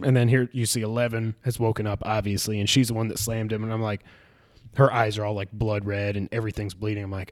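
A man's voice: fairly low pitch, brisk. A man in casual chat, recapping a show and acting out its scenes in a raised voice. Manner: animated retelling, acts out scenes in a raised voice.

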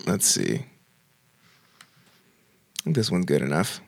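A man's voice: extremely low pitch, very animated, slow pace, gravelly, no echo. Guy cracking jokes w his buddies, voice jumps around a lot, dry room. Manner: joking, laughs often, swears. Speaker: prank call podcast host. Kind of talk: casual chat with prank phone calls.

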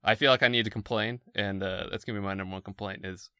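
A man's voice: lowish voice, fairly even intonation, quick pace, pushed and bright, clean tone, no echo, studio quality. A man co-hosting a podcast, chatting casually with frequent laughs and mock complaints. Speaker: podcast co-host.

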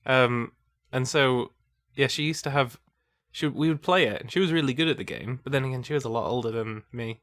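A young man chats casually through a game session and reads the game's descriptions aloud in a mid-pitched voice. His voice is close and dry, with no room sound around it. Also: fairly quick, hardly any pauses, a bit bright, dry recording. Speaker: game co-host. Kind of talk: casual let's-play chat, reading game text aloud.

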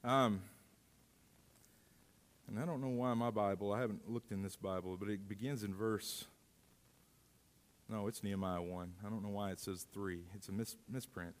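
Dry-mouthed pastor preaching in a hall. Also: male voice, lowish voice, moderate pace. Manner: earnest, emphatic preaching with frequent restarts. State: dry mouth from allergy medicine. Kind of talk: sermon with scripture reading. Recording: hall reverb.

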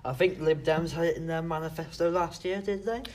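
A British man co-hosting a casual political podcast, teasing and halting, with many fillers. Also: on the high side, steady tone, a little mellow. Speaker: podcast co-host.

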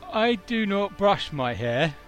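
Slow-talking male player, dry and terse. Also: high voice, very animated, a bit bright, faint music behind. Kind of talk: casual tabletop game chat.

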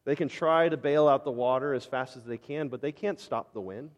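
A man's voice: mid-range voice, a little fast, in a large hall. A man preaching a sermon as pastor, telling the scripture story dramatically and acting out the disciples' outbursts in voice.

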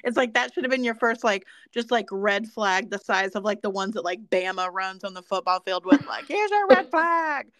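A woman's voice: medium pitch, level tone, a little fast, few pauses, fairly bright tone, no echo, rough recording. A woman co-hosting a podcast in casual chat. She is emphatic, laughs a lot and repeats phrases for effect. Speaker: podcast co-host.

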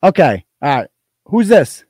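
A man with a slightly high voice hosts a live stream, reading out donations between long rants. He talks in a profane, mocking and combative way, and the sound is dry and close. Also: very animated, measured pace, darkish tone, slightly rough, no echo. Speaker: live show host.

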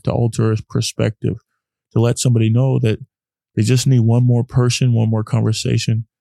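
A man's voice: medium pitch, creaky, warm tone, dry recording. A man hosting a casual solo podcast, talking earnestly and preachily while lying down and tired. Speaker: podcast host. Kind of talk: casual solo motivational talk. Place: home, lying on carpet.

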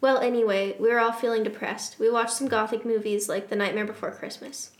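Woman reading fan fiction aloud, amused, giggly, fairly high voice, roomy echo. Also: steady tone, brisk.

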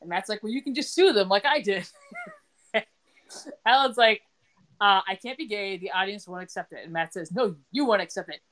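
A middle-aged woman hosting a relaxed podcast, recapping a TV episode in a chatty, joking way. She moves through scenes quickly and quotes characters' lines along the way. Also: medium pitch. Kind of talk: casual chat.

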